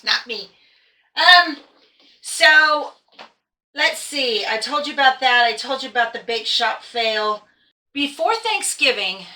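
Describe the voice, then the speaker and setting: A woman's voice: on the high side, sharp tone. A woman hosting a quilting vlog, chatting casually and laughing at herself. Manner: chatty, self-deprecating, laughs often. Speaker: quilting blogger and host. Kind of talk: casual chat to camera. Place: at home, tractor outside.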